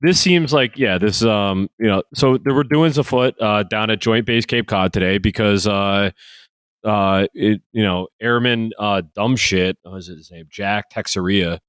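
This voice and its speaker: A man with a lowish voice chats on a podcast, hedging and wry, his talk full of fillers and restarts. The sound is dry and close, with no room around it. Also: measured pace, a bit bright, smooth, no echo. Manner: hesitant, filler-heavy, wry. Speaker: podcast co-host. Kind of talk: casual podcast chat.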